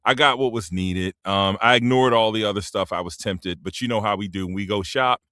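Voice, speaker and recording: A man's voice: lowish voice, fairly quick, pushed and bright, no echo, studio quality. Laid-back man hosting a live stream. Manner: laid-back, rambling, clears throat often. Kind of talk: casual live-stream monologue. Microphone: simple microphone.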